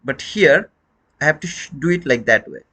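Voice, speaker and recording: A man's voice: on the high side, lively intonation, moderate pace, bright, forceful tone. A man teaching a trading lesson on a live stream, questioning viewers and repeating his points in non-native English phrasing.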